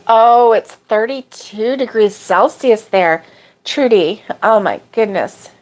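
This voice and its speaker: Woman, crochet stream host, chatty, reads comments aloud with drawn-out exclamations. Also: fairly high pitch, lively intonation, darkish tone. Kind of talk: casual chat reading viewer comments.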